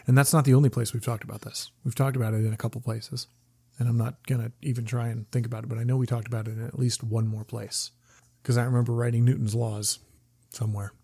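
A man's voice: medium pitch, little pitch movement, fast talker, mellow, husky. A man co-hosting a book discussion podcast, thinking aloud in casual chat with frequent restarts. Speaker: podcast co-host.

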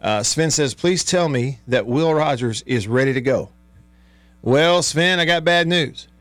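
A man's voice: on the high side, lively intonation, measured pace, fairly bright tone, no room sound. Man, radio host, easygoing, chatty, laughs often, dry close studio sound. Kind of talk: casual sports talk radio chat. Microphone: studio microphone.

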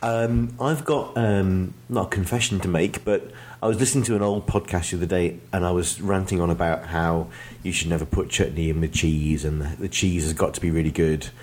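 Low-voiced chatty podcast host. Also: male voice, fairly even intonation, brisk, hardly any pauses, darkish tone. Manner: chatty, self-deprecating, laughs often. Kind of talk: casual chat.

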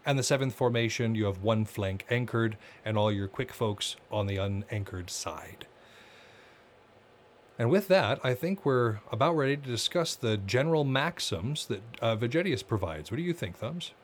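A man co-hosting a podcast in casual chat, talking in a relaxed, loose way with frequent filler words. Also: mid-range voice, moderate pace, a little hiss or hum. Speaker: podcast co-host.

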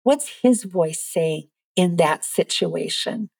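A woman's voice: fairly low pitch, slow pace, creaky, husky, no echo. Earnest woman telling faith stories. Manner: earnest, lively storyteller. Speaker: guest. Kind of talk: faith testimony in a podcast interview.

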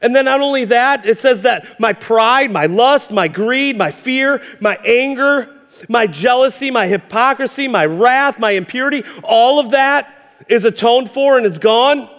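High-voiced, impassioned male pastor preaching. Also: a little slow, a bit bright. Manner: impassioned, storytelling, repeats words when building up. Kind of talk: sermon. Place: church sanctuary. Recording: hall reverb.

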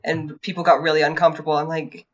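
Female podcast co-host, lowish voice, wry asides, muffled lo-fi audio. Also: flat delivery, fast, breathy edge. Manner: wry, laughing side comments. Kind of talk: casual chat. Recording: dull, lo-fi sound.

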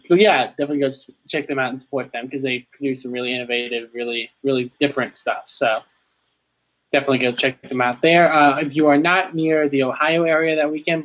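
A man co-hosting a podcast in casual chat, rambling with many pauses. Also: mid-range voice. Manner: rambling, lots of uh and restarts. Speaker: podcast co-host. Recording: dull lo-fi audio.

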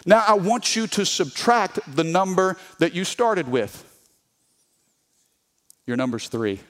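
A man preaching a sermon as a pastor, animated and humorous, reading scripture aloud and calling on the congregation to answer. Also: high voice, slow pace. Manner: reads scripture aloud with voiced characters.

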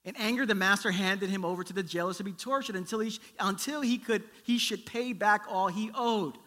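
A man preaching a sermon, telling a story in a lively way and acting out its characters. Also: sits high, a little fast. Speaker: pastor.

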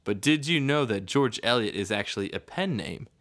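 A man's voice: mid-range voice, animated, normal speed, a bit bright. A man in casual podcast chat, telling a story with lots of laughter and frequent "right?" asides.

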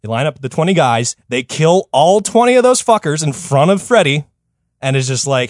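A man's voice: fairly high pitch, moderate pace, no echo, clean studio sound. A man hosting a comedy history podcast, telling the story casually, swearing freely and acting out the people in it. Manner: animated, swears freely, acts out quoted figures.

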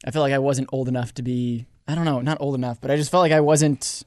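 A man's voice: mid-range voice, fairly even intonation, fast talker, a little mellow, no room sound, clean studio sound. A young adult man, a comedian, telling a personal story in casual chat, rambling and self-deprecating with many restarts. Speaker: comedian guest.

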